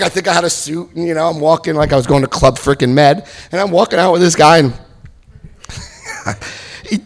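A middle-aged man giving a comic talk about his recovery, animated and breaking into loud acted-out quotes. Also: a little high, normal speed, long pauses. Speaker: speaker sharing his recovery story.

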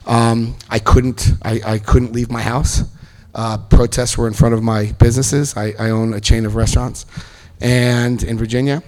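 Middle-aged guy telling his life story in a speech, animated, acts out voices, gets loud and excited. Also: medium pitch, moderate pace. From New Jersey, US. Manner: animated storyteller acting out other people's lines, bursts of loud excitement.

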